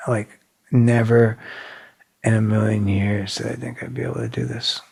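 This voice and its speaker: Gravelly, husky man telling his story. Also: mid-range voice, flat delivery, moderate pace, a little mellow. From New England. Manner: blunt, swears freely, emotional retelling. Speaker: podcast guest. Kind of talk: candid conversational storytelling.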